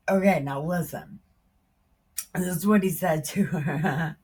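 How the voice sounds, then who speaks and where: A woman's voice: on the low side, takes it slowly, husky. A woman retelling Bible stories in an irreverent, joking way, often laughing and exclaiming. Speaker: Bible storyteller.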